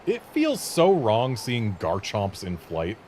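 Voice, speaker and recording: Low-voiced American streamer, animated delivery, chatty and rambling. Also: male voice, slow, a little hiss or hum. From United States. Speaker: video game streamer. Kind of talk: casual gameplay commentary.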